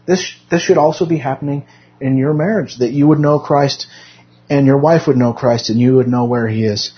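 A man's voice: medium pitch, moderate pace, muffled recording. A young adult man teaching a Sunday school class in a chatty, self-deprecating way, often restarting his sentences. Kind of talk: casual church teaching. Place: church classroom.

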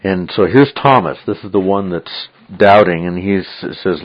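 A man's voice: deep voice, normal speed, few pauses, husky. A man teaching a Bible study, emphatic and checking in with frequent "okay?"s. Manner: emphatic, repeats "okay?" often. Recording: dull lo-fi recording.

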